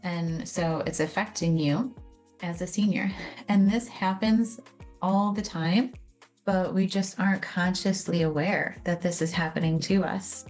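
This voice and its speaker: Soft music plays behind a woman explaining how memory works for an explanatory video on memory and trauma. Casual and conversational, she acts out little scenes, her voice low, darkish and fairly even in intonation, her pace unhurried.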